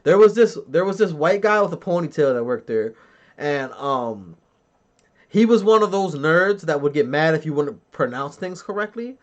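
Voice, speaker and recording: A man's voice: on the high side, animated, normal speed. A man in his thirties hosting a podcast, chatting casually, joking and swearing as he reads chat comments and tells stories. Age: 30s. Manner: profane, joking storyteller who laughs often. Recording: dull lo-fi sound.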